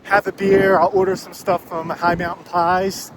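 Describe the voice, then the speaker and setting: A man narrating a casual travel vlog in a relaxed, rambling way while running errands. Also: high voice, moderate pace. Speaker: thru-hiker vlogger. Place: outdoors in a town. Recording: outdoor street noise.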